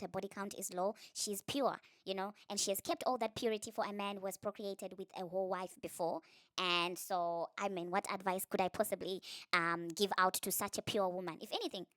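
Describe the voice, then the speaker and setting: A woman's voice: fairly bright tone, dry recording, studio quality. A woman giving sarcastic, ranting commentary on celebrity gossip in a reaction vlog. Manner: sarcastic, ranting, mimics others in high mocking voices.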